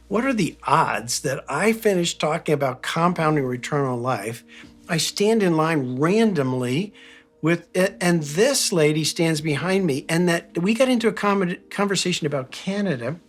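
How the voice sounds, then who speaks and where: An earnest man gives a reflective motivational talk in a slightly raised voice. He tells a personal story and stretches out his key phrases. Soft music plays faintly behind him. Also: fairly high pitch, expressive, normal speed. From United States. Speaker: podcast host.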